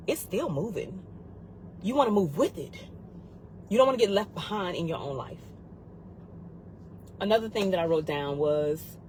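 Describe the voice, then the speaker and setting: A woman's voice: medium pitch, a little hiss or hum, rough recording. A woman giving a heartfelt motivational talk on grief, earnest and urgent, repeating key phrases for emphasis. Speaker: grief support speaker.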